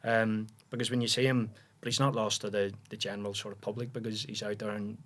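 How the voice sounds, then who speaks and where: Low-voiced Northern Irish man telling stories. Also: fast. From Northern Ireland. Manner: relaxed storyteller, frequent restarts and fillers. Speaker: podcast guest. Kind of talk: casual podcast interview chat.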